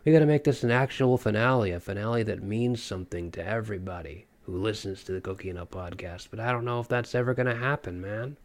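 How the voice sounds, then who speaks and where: A young man hosting a solo podcast, his voice stuffy and nasal from a cold. He speaks in a rambling, self-doubting way, full of restarts and fillers, in a fairly low register. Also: fast talker, hardly any pauses. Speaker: podcast host.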